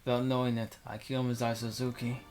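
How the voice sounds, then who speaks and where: A man's voice: medium pitch, little pitch movement, fast, a little mellow. A young man reading a visual novel aloud into a desk microphone, breaking off for rambling casual asides.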